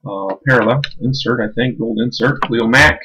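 Dude running a live card break stream, chatty and laid back, some faint hiss and clicks. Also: male voice, medium pitch, moderate pace. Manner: casual, chatty, calls out cards and names.

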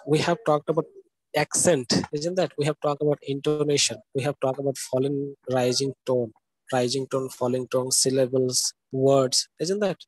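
A male lecturer teaches a class over a video call. His voice sits a bit high and husky, recorded dry and close. He keeps checking in with the students as he goes. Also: dry recording, rough recording. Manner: repeats "okay" and "isn't that" as checks. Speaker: English literature lecturer. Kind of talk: live online lecture.

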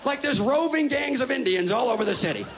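A man in his thirties doing stand-up comedy, telling a profane story in a brash, rapid-fire way with shouted punchlines, on a live stage. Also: very high-pitched, expressive, vocal fry, noisy background.

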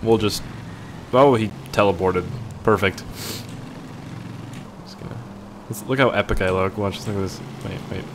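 A man commenting on his gameplay in a loose, rambling way, full of crude jokes. His voice sits low. Steady game noise runs underneath. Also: normal speed, long pauses. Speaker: gaming YouTuber.

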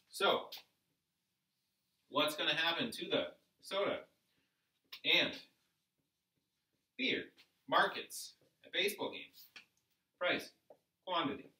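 A man teaching an economics lesson, explaining step by step with rhetorical questions and lively emphasis. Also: medium pitch, reverberant, far from the mic, low-quality recording. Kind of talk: economics lecture while drawing graphs.

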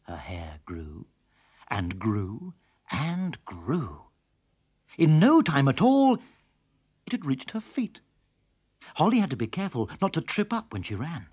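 A storyteller reading a children's story aloud in a dramatic, expressive way. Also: takes it slowly, long pauses, breathy edge, no echo, studio quality. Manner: very expressive, dramatic swings in pitch. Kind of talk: scripted children's story narration.

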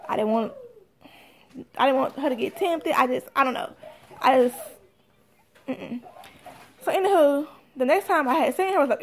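Woman vlogger, high-pitched, chatty storyteller addressing viewers. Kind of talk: casual storytelling to camera.

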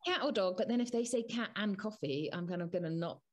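A woman's voice: medium pitch, quick pace, darkish tone, a little hiss or hum. A woman co-hosting a podcast, chatty and playful, laughing easily through casual banter. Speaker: podcast co-host.

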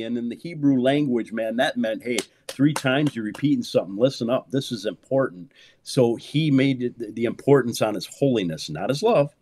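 A man in his fifties, a pastor, talking in an animated preaching way, swinging from low murmurs to loud, high exclamations and leaning on "man" for emphasis. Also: no room sound. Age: 50s. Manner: peppers speech with "man", repeats words for emphasis.

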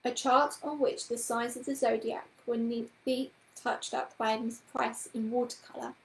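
A woman storyteller reading a children's book aloud with a gentle, expressive manner. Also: on the high side, a little slow, vocal fry, reverberant, low-quality recording.

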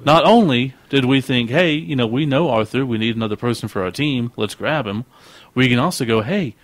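A male podcast co-host with a mid-range voice tells stories in a lively way. He often acts out what other people said. The sound is dry and close to the mic. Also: mid-range voice, fairly quick, no room sound. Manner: animated storyteller who acts out quoted voices. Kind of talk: casual podcast chat.

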